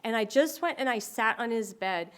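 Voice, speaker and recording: Addressing an audience on dementia care, a female speaker brings her stories to life by performing other people's voices. She has a clean, somewhat high voice and speaks at a moderate pace.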